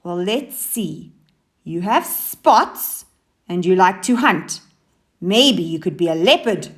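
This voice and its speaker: A proud male lion speaks in a gruff, commanding growl, as a woman reading a storybook puts him on. He talks slowly and deliberately, with a lively swing to his voice. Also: on the low side.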